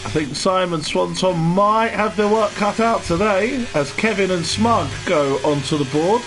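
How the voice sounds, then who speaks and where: Slow race commentator, noisy feed. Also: male voice, high voice. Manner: relaxed commentary, greeting chat viewers. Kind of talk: live sim-racing commentary. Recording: noisy stream with engine sound behind.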